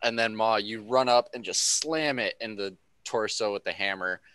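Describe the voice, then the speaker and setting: A man's voice: on the low side, moderate pace, fairly bright tone, dry recording, rough recording. A man running a tabletop mech game as game master, narrating the action with frequent laughs. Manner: laughing often while describing action.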